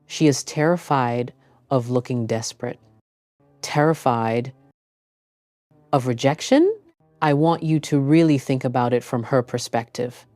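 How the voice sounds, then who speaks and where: A woman giving scripted motivational relationship advice, speaking in a slow, deliberate and emphatic way. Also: very deep voice, mellow, no room sound.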